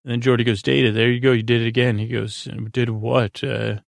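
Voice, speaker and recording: A man's voice: mid-range voice, level tone, a little fast, vocal fry, no room sound. A man hosting a podcast, casually recapping an episode with many fillers and quoting characters in his own voice. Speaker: podcast host.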